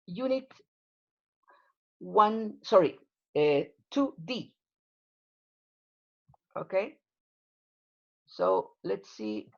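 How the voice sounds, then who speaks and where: Gravelly woman teaching an online class. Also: fairly high pitch, a bit bright. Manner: patient, drawn-out explaining with frequent fillers. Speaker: English teacher. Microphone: video call. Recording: lo-fi video call audio.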